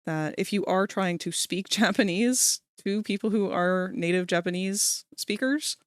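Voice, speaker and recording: A woman's voice: mid-range voice, measured pace, no echo, clean studio sound. A woman streamer chatting casually while she works live, telling rambling stories and talking to her viewers. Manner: chatty, rambling storyteller, talks to chat viewers.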